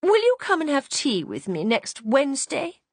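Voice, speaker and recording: A woman doing an older society lady, formal and entreating, lively rise and fall in her voice, dry close sound, audiobook reading. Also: high voice, normal speed, dry recording, pitched above the performer's own voice, exaggerated voice. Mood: earnest pleading.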